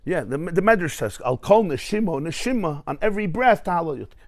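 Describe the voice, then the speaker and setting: A rabbi delivers a spirited Torah class, his voice sitting a bit high for a man and captured dry and close. He jumps between Hebrew terms and folksy stories, pressing his points with humor. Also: expressive, fast talker, no echo. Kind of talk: lively Torah class lecture. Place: study hall class before a live audience.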